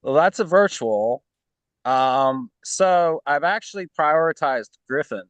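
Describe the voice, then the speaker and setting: Man in a casual chat, slow deliberate pace, thinks aloud, dead-dry recording. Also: on the high side, lively intonation, clean tone, no echo. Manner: thinks aloud, frequent "um" and "right?".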